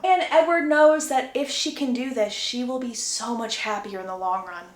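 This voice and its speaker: A young woman with a fairly high voice talks through a story recap in a chatty, wry way. Her voice rings in a roomy, echoey space. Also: a little fast, hardly any pauses. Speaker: book recap creator. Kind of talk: casual plot recap. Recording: roomy echo.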